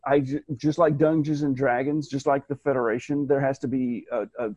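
A man chatting casually as a podcast co-host, rambling and animated, restarting his sentences and slipping into mock voices. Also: medium pitch, fairly quick, no echo, dull audio. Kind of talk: casual chat.

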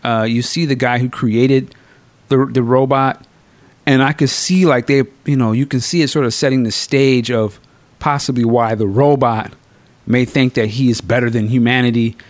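A man hosting a podcast, reviewing a film in casual, slangy, profane chat with animated storytelling. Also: mid-range voice, moderate pace, dry recording. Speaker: podcast host.

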